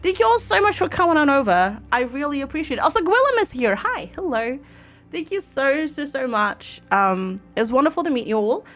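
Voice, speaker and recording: Chatty woman streamer, higher voice. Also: big pitch swings, a little fast, a bit bright. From Germany. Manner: chatty, greets viewers by name, laughs easily. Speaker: game streamer. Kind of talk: casual live-stream chat. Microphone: desk microphone.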